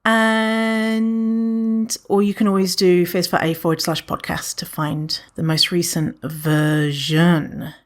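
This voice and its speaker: A woman's voice: fairly low pitch, level tone, slow. A woman hosting her podcast in a casual, playful way, often acting out other people's remarks in mock voices. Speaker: podcast host. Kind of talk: casual solo podcast chat.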